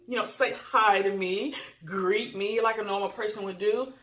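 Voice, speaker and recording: A woman's voice: medium pitch, fairly even intonation, normal speed, fairly bright tone. A woman vlogger giving casual advice to camera, chatty and emphatic, with frequent fillers. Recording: roomy echo.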